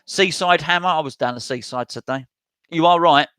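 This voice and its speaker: A man's voice: a little high, normal speed, sharp tone, no echo. A man hosting a casual live stream, chatting and reading out viewer comments as he replies. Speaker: host reading live chat.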